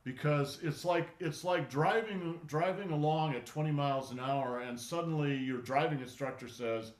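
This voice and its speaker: A man teaching an online qigong class, talking in a relaxed, conversational way that often stops and restarts. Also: fairly high pitch, moderate pace. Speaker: qigong instructor. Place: indoor studio for online class. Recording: roomy echo.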